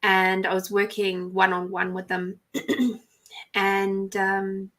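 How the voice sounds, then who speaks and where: A woman with an Australian accent, hosting a podcast and telling a personal story in a soft, reflective way, sometimes dropping to near whispers. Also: medium pitch, level tone, slow pace. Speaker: podcast host. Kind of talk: casual storytelling.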